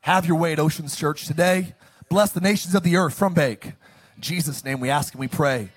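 A man preaching a sermon, animated, swinging from loud bursts to hushed lines and asking the congregation to answer back. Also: a little high, a little fast, breathy edge. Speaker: pastor.

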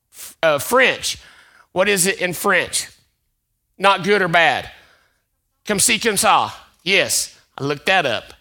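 High-pitched, slow-talking male pastor. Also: vocal fry. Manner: conversational, builds to shouting emphasis. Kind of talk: sermon.

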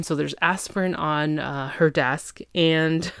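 A woman's voice: low voice, steady tone, measured pace, hardly any pauses, clear, resonant tone, no echo. A woman hosting a podcast who recaps a TV episode in casual chat. She is full of fillers and acts out the characters' lines as she goes. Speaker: podcast host.

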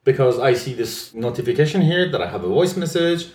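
A man co-hosting a casual podcast, his voice sitting at a middle pitch but swinging widely as he talks. He explains things with playful enthusiasm and laughs often. The room has a noticeable echo around him. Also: sing-song, brisk, darkish tone. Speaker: podcast co-host. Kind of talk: casual conversational podcast chat. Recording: roomy echo on the voice.

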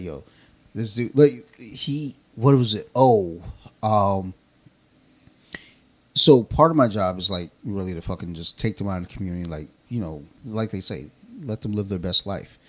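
A man's voice: sits low, fairly bright tone. A man co-hosting a casual podcast, telling a profane, laugh-filled story with slang. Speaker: podcast co-host.

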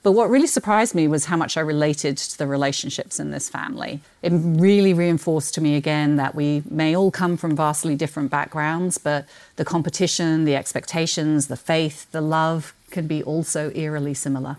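A woman's voice: low voice, steady tone, moderate pace, hardly any pauses, darkish tone. A woman from Britain with a British accent and a slight Australian twang, chatting animatedly about books as a podcast guest and laughing often. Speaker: guest, books marketing executive.

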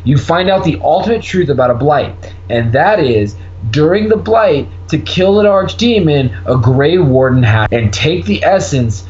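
A man chatting casually as a podcast co-host, telling a story in an animated, profane way. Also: a little high, normal speed. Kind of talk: casual chat. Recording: dull lo-fi recording, faint noise.

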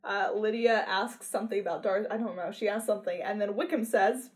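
A woman in casual conversation, working through her notes and recounting scenes in a steady way. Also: medium pitch, a little fast. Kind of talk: casual chat.

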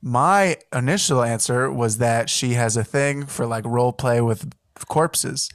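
A man chats as a podcast guest, riffing with deadpan jokes. His voice sits at a middle pitch. The recording is dry and close. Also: a little slow, dry recording. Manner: jokey riffing, deadpan asides. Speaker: podcast guest, comedy writer. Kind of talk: casual comedic chat.

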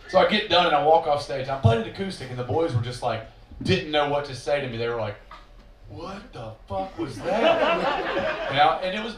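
A man with a slightly high voice spins a crude, self-mocking tale between songs at a live show. He sounds roomy and a bit distant from the mic, with the crowd's murmur and venue noise clearly audible behind him. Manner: profane, self-mocking, animated storyteller. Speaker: singer-songwriter telling stories on stage. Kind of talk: live stage storytelling. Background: audience ambience.

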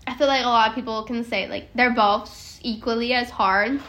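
A woman's voice: a little high, fairly even intonation, fairly quick, fairly bright tone. A young woman co-hosting a casual podcast from home, rambling with many fillers and restarts. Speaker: podcast co-host. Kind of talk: casual chat. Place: home, in California.

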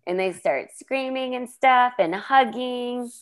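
A woman's voice: a little high, takes it slowly. A woman co-hosting a casual chat show, animatedly retelling TV scenes and acting out characters' lines. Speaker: podcast co-host. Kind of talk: casual chat recapping a TV episode.

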